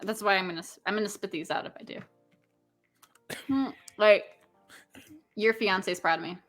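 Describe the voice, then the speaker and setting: A woman co-hosting a casual podcast, excitable and full of fillers as she plays a quick-fire quiz game. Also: medium pitch, soft background music. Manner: excitable, lots of fillers and hesitations. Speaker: co-host.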